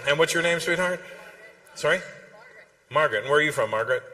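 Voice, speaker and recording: A man's voice: fairly high pitch, expressive, quick pace, pushed and bright. A man doing teasing stand-up crowd work, chatting and swearing with audience members. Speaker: stand-up comedian. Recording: live hall reverb with faint noise.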